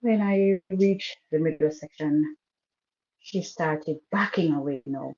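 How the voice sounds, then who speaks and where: A woman telling an emotional personal story in a halting way, restarting and repeating her sentences. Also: low voice, a little mellow, muffled recording.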